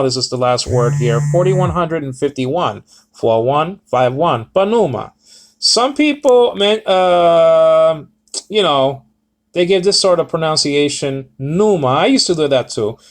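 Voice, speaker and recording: Man with a somewhat high voice, talking through a Greek word study off the cuff and full of ums and restarts. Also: slight background noise. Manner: rambling, self-correcting, many fillers. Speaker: Bible teacher. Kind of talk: casual Greek word lesson.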